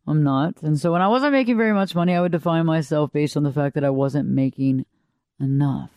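A woman with a lower voice than she'd like, giving an unhurried, reflective motivational talk that repeats phrases and asks the listener questions. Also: no echo, muffled recording. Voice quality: lower voice than she wished for. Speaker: motivational speaker.

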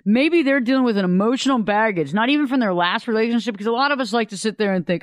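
High-voiced man giving relationship advice. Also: quick pace, few pauses, no echo, clean studio sound. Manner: animated, acts out quoted voices. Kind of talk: casual advice monologue.

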